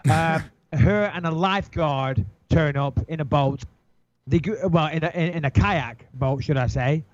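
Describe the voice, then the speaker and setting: A middle-aged man telling an animated, swearing anecdote in casual chat, acting out his own panic. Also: a little high, unhurried, no echo. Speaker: guest storyteller. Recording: dull lo-fi sound, dry.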